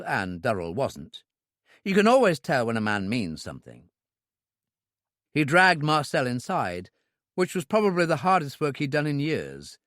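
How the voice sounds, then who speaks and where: A man narrating a thriller in the first person, measured and wry. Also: mid-range voice, dry recording, studio quality. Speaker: audiobook narrator.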